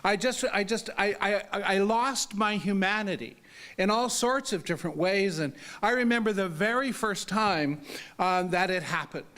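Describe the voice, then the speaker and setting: A man, a disability advocate, telling personal stories in an earnest talk, with halting restarts and an emphatic delivery. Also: pushed and bright. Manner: earnest, halting restarts, pitch rising sharply when emphatic. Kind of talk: storytelling talk to an audience.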